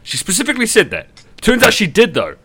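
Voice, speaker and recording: Animated, bright-voiced New Zealand man. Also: high-pitched, fast talker, slight background noise. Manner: sweary, animated ranting. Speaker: podcast co-host. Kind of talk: casual podcast chat.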